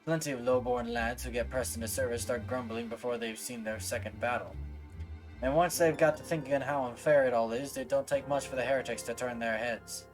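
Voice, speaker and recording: A man voicing a grumbling low-born soldier from a game, reading in a rough, folksy, low-key manner. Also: fairly even intonation, a little fast, faint music behind, close to an everyday voice. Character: grumbling common male soldier.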